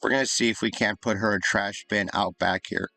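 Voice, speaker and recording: A man's voice: on the low side, steady tone, brisk, gravelly, bright, forceful tone, soft background music. A man casually commenting on his life-sim gameplay, thinking aloud in an easygoing, chatty way. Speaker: gaming YouTuber.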